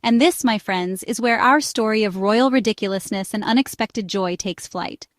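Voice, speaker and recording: A woman's voice: medium pitch, moderate pace, dry recording, studio quality. A woman reading a scripted narration in a playful, dramatic way. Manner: playful, dramatic build-ups.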